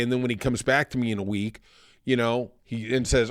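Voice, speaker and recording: A man's voice: mid-range voice, expressive, fairly quick, no echo, studio quality. A man hosting a solo political podcast, talking in a conversational, thoughtful way. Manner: conversational, thoughtful, turning somber. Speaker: podcast host.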